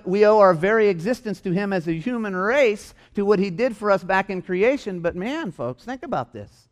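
A man preaching a sermon in a church, stressing and repeating his key phrases. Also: high-pitched. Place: church hall.

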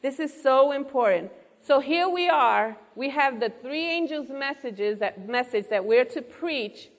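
Female preacher, earnest sermon delivery, fairly high voice, church hall with a long echo. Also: lively intonation, unhurried. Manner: earnest, engaging the audience with questions. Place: church hall before a congregation.

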